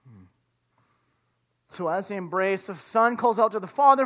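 A woman preaching a sermon, retelling a story dramatically and dropping to a hush for emphasis. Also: medium pitch, expressive, normal speed, pauses often. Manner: dramatic retelling, acting out the characters' lines.

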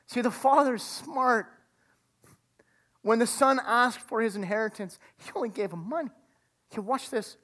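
A woman preaching a sermon, retelling a story dramatically and dropping to a hush for emphasis. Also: fairly high pitch, moderate pace, long pauses. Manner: dramatic retelling, acting out the characters' lines.

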